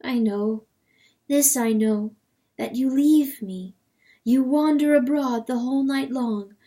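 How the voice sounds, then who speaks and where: Woman doing a worried hen wife, high and urgent, imploring, storybook reading. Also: takes it slowly, dark tone. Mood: insistent. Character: anxious devoted hen wife, pleading.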